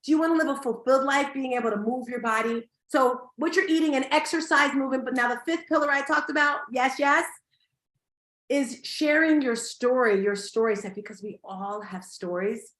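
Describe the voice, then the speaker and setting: High-voiced, energetic woman motivational speaker. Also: normal speed. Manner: energetic, emphatic, bursts of loud excitement. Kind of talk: live motivational talk to an audience. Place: event hall. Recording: echoey hall.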